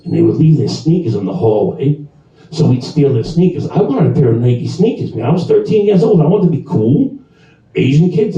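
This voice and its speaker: Crude, rambling male stand-up comic. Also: medium pitch. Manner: crude, rambling storytelling with shouted punchlines. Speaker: stand-up comedian. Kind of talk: stand-up comedy set. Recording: dull, roomy recording from far off.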